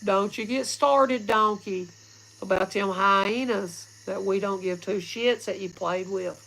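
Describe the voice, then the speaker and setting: A woman's voice: mid-range voice, slow, vocal fry, a bit bright, a little hiss or hum, low-quality recording. A woman giving a casual livestream tarot reading, rambling, blunt and often laughing. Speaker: tarot reader.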